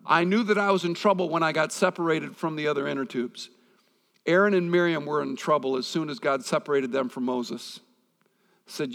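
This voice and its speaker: A man's voice: on the high side, steady tone, brisk, a bit bright, big-room sound. A male pastor preaching a conversational sermon, mixing scripture reading with personal stories.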